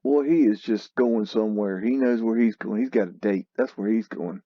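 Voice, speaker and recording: A man's voice: fairly low pitch, moderate pace, dry recording, muffled recording. A man hosting a casual commentary over old photos, scoffing and exclamatory, with a mocking edge. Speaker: host.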